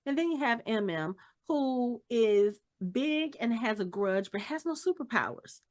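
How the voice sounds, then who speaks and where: Animated woman recapping a TV episode. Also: fairly high pitch, unhurried. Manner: animated storyteller, acts out scenes in quotes. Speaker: podcast co-host. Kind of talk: casual TV recap chat.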